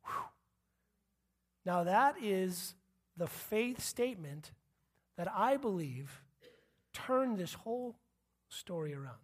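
A preacher in easygoing, chatty sermon mode who keeps checking in with the listeners. The voice sits at an ordinary middle pitch and shifts freely when acting out the people in the story. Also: expressive, slow pace, pauses often, slightly rough. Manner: conversational, checks in with the audience, acts out quotes.

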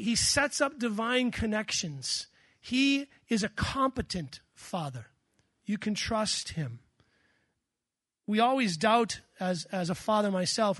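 High-voiced man preaching a sermon. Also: no echo, studio quality. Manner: storytelling, animated, acts out quoted voices. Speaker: pastor.

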